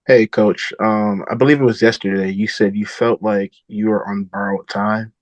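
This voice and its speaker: A man politely asking a measured question at a press conference. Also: fairly low pitch, steady tone, dry recording. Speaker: reporter. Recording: slightly dull audio.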